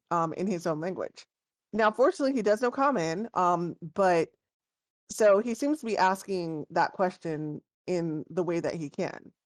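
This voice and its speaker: A woman's voice: medium pitch, no room sound, studio quality. A woman narrating as game master in a casual tabletop session, talking loosely with frequent filler words. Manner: casual, relaxed, many fillers.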